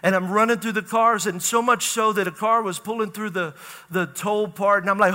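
Bright-voiced pastor in a hall. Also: male voice, high-pitched, moderate pace. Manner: animated storytelling, acts out panicked dialogue, laughs at own jokes. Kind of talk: sermon with personal story. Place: large church hall. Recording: reverberant church hall.

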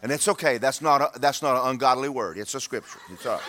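A man's voice: medium pitch, expressive, quick pace, hardly any pauses, a crowd in the background. A man, preaching a sermon to his church in a folksy, humorous, emphatic way. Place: church sanctuary.

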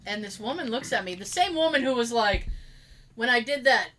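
There's a little hiss or hum behind a woman whose fairly high voice moves a little fast. She chats casually, recounting work stories and animatedly mimicking her coworkers.

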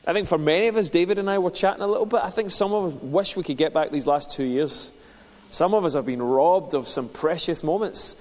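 A man's voice: on the high side, a little fast, a little mellow. A man preaching a sermon, telling stories in a conversational, self-deprecating way. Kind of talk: sermon with storytelling. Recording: reverberant hall.

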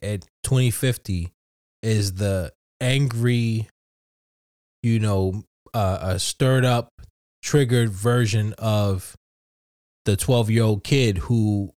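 A man chatting casually, telling a story loosely and excitedly with lots of swearing and restarts. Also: on the low side, no echo, clean studio sound. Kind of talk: casual chat.

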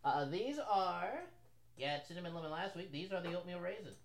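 A man's voice: high voice, brisk, gravelly. A man chatting casually as co-host, talking from away from the microphone. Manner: off-mic banter from across the room. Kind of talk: casual chat.

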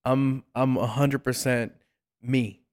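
A man's voice: mid-range voice, fairly even intonation, takes it slowly. A man hosting a casual interview, praising his guest and talking in loose sentences with many fillers and repeated words. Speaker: host.

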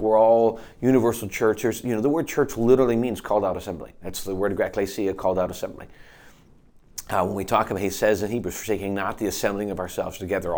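A man's voice: on the low side, a little mellow. A man preaching a sermon to his congregation, earnest and emphatic, restarting phrases as he goes. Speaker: pastor.

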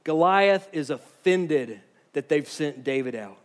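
A man preaching a sermon, retelling scripture with lively storytelling, moving between soft asides and loud emphasis. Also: fairly high pitch, slow pace, big-room sound. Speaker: pastor.

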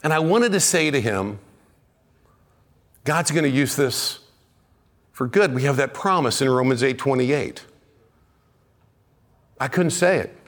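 A middle-aged man preaching a sermon as pastor, telling a story and rising to near shouts when excited. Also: mid-range voice, measured pace, long pauses.

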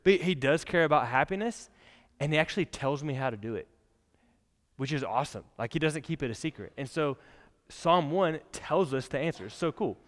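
A man's voice: on the high side, animated, brisk. A young man preaching a casual, conversational sermon in a church, chatty and laughing often, with many fillers. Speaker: pastor. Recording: long church hall reverb.

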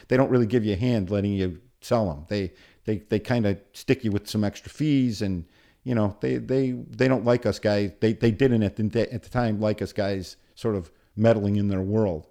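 A man's voice: fairly low pitch, steady tone, moderate pace, vocal fry, warm tone. A man, a former futures trader, telling stories in an interview, chuckling and rambling.

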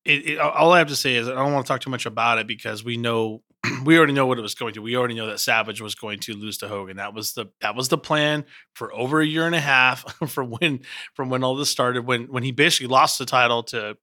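A man co-hosting a podcast in casual chat, relaxed and reflective, repeating words as he thinks. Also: mid-range voice, fast, no echo, studio quality. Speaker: podcast co-host.

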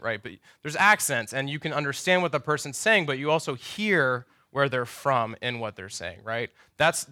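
A man's voice: mid-range voice, bright, forceful tone, no echo, studio quality. A middle-aged man, a pastor, giving a conversational lecture at a university chapel with joking asides and self-corrections.

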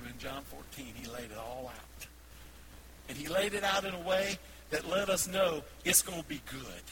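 A man's voice: mid-range voice, moderate pace, noisy background. A male pastor preaching a sermon, telling folksy personal stories and laughing easily at them. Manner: folksy storytelling, laughing warmly at his own stories. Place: church sanctuary.

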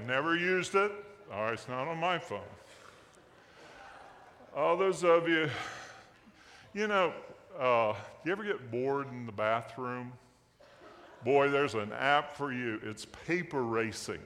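A man's voice: medium pitch, pushed and bright, in a large hall, a little hiss or hum. A man preaching a sermon as pastor, in a folksy, joking way, asking the congregation questions in a church sanctuary.

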